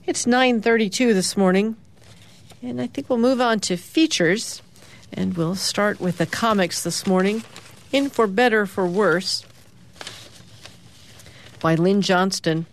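A woman hosting morning radio, reading the comics aloud in a relaxed, chatty way with fillers. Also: medium pitch, slow pace, long pauses. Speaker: radio host.

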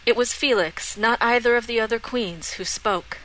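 A woman reading a fantasy novel aloud as an audiobook narrator, in a smooth, even storytelling manner. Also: fairly high pitch, moderate pace, poor audio.

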